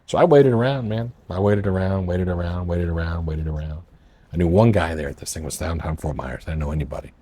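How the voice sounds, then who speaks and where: Warm in tone, low and brisk, the man recounts his run for office at a marina boat club. He owns a marina and is a political candidate, and his telling is casual and meandering, with quoted remarks acted out.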